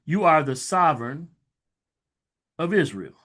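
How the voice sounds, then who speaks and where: A man reading scripture aloud slowly and stopping to explain it in loose, conversational asides, like a Bible teacher. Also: a little high, animated, a bit bright. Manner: reads verses slowly, then breaks into loose conversational asides. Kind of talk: scripture reading with casual commentary.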